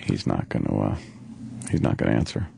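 Deep gravelly-voiced male radio host. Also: big pitch swings, brisk, dark tone, a little hiss or hum. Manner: groaning, exaggerated reactions. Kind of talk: casual radio banter.

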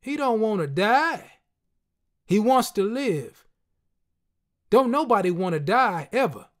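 A man's voice: high voice, animated, takes it slowly, voice pushed up. A man voicing a jittery streetwise young guy. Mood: earnest. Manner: street-talking, wheedling.

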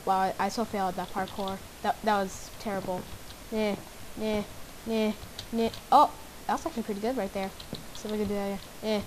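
A woman giving casual gameplay commentary, excitably guessing aloud and exclaiming at the game. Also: medium pitch, brisk, a little hiss or hum, poor audio. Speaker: gamer. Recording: background game music. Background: game music.

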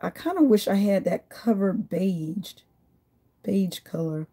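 A woman's voice: mid-range voice, sing-song, a little slow, mellow, husky. A woman vlogger chatting casually and rambling while she does her nails. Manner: chatty, rambling, laughs often. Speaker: nail vlogger.

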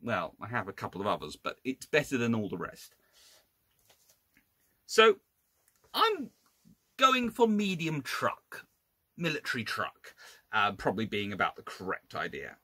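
Male historian lecturing casually, lively swooping pitch, wry exasperated asides, restarts. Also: measured pace, long pauses, dry recording. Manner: restarts and self-corrections. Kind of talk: informal illustrated lecture.

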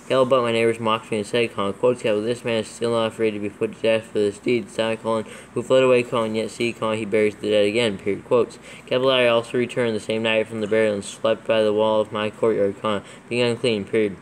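With a low voice that barely moves in pitch, a man dictates scripture at a quick pace and with hardly any pauses, steadily calling out capitals and punctuation for proofreading. The rough recording has a little hiss or hum.

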